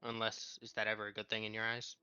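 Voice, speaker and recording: Man, tabletop player, very bright tense tone, flat delivery, dry slightly dull mic. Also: fairly low pitch, fast, clean tone, no echo. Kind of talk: tabletop role-play chat.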